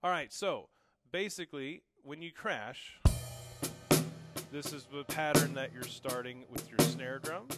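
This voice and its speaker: Young guy teaching drums, chill and encouraging, counts out loud, drum kit banging loud behind him. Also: a little high, a little slow, over loud music. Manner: casual and encouraging, counts patterns aloud. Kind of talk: drum lesson, explaining and counting.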